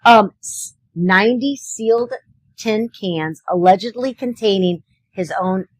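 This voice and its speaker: A woman's voice: medium pitch, measured pace, breathy edge, no room sound, rough recording. A woman co-hosting a live local show at an outdoor street fair, chatting casually and laughing often.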